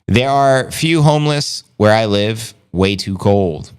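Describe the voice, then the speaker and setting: Lively, smooth-voiced male stream host. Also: on the low side, takes it slowly. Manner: laid-back, slangy, chuckles often. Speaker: livestream host. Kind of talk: casual livestream chat, reading comments aloud.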